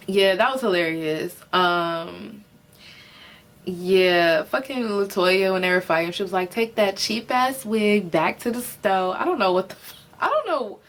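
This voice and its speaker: A tired woman casually reviewing a reality TV episode, rambling with lots of fillers, swearing, and giggling. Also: lowish voice. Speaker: reality TV recapper.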